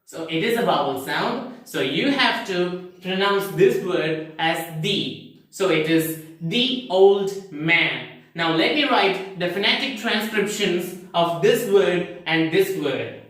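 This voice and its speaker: A man's voice: high voice, animated, measured pace, hardly any pauses, a bit bright. A man teaching English pronunciation in an online lesson, who asks rhetorical questions and answers them himself with careful explanations. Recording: very echoey room, mic far off.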